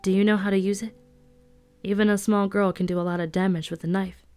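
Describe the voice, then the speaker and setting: Woman reading a blunt, steady young fighter woman. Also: medium pitch, fairly quick, smooth, soft background music, natural voice. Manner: firm, reassuring.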